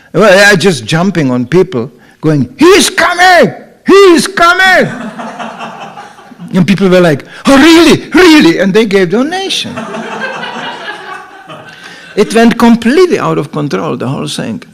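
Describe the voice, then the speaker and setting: Man, monk's story talk, lively, voices acted out, slightly high. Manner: animated storytelling, acting out voices and laughing. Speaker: monk giving a talk. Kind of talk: anecdotal spiritual talk.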